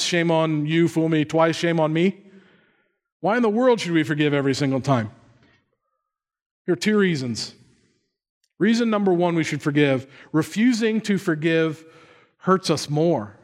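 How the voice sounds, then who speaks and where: Conversational male pastor preaching. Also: on the high side. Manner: conversational, asks the audience questions. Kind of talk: sermon.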